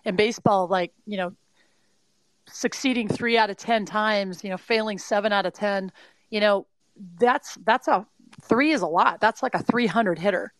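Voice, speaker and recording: Here the same kind of speaker, a middle-aged woman from California who advises on mindset and performance, talks at a moderate pace with a medium-pitched voice. As an interview guest she gives athletes earnest, emphatic motivational advice peppered with "you know" fillers, captured in a dry, low-quality recording.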